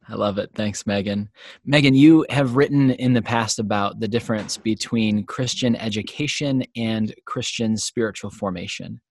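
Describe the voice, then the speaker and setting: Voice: medium pitch, breathy edge, no echo. A podcast host, affirming the guest and asking long, thoughtful questions. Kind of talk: podcast interview.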